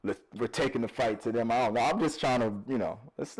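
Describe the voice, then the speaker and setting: A man's voice: mid-range voice, fairly quick, few pauses, poor audio. A man hosting a casual vlog, reading viewer comments aloud with jokes, laughter and frequent stammered repeats. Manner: animated, laughing, jokey, self-deprecating.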